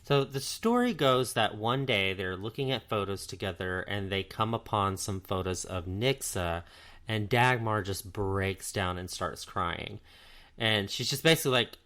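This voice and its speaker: A man's voice: fairly low pitch, lively intonation, a little slow, bright, forceful tone. A man co-hosting a podcast, telling history as casual storytelling. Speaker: podcast co-host. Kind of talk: casual chat.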